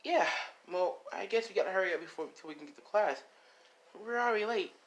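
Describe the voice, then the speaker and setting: A man's voice: high voice, a little fast, pitched above the performer's own voice, poor audio. A man doing a friendly curious schoolgirl. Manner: casual, plain reading. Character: friendly curious teen girl classmate.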